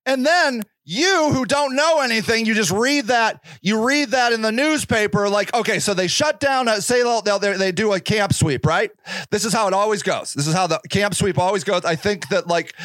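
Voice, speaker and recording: A man's voice: high voice, fairly bright tone, dry recording. A man hosting a podcast, delivering a passionate, sarcastic and indignant monologue. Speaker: podcast host. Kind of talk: ranting monologue.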